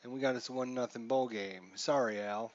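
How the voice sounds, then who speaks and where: Male streamer, casual commentary, stat-heavy, mid pitch. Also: steady tone, fairly quick, highs cut off. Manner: chatty, reels off stats, rises for big plays. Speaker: streamer playing a baseball simulation.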